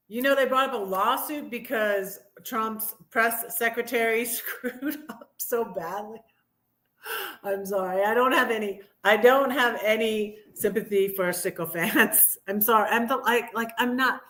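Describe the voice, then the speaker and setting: A woman's voice: fairly high pitch, measured pace, sharp tone. A middle-aged woman hosting a live stream, rambling and sarcastic, getting heated about politics. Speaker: livestream host. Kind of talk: casual political rant.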